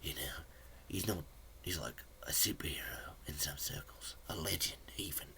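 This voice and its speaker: A man voicing a male movie villain with an Australian accent, low and half-whispered. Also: expressive, normal speed, gravelly, sharp tone, a little hiss or hum, heavily acted. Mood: sly.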